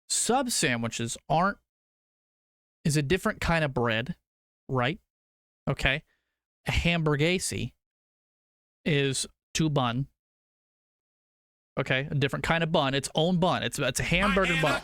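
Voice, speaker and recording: A man's voice: a little high, animated, unhurried, pauses often, fairly bright tone, no room sound, clean studio sound, soft background music. A young adult man streaming, chatting loosely with his chat, swearing casually and arguing food opinions in a rambling way.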